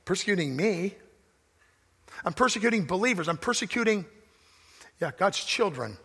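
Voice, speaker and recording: A pastor preaching a sermon, with emphatic delivery that swings from loud declarations to hushed asides. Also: male voice, high voice, expressive, normal speed, long pauses, slightly rough. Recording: long hall reverb.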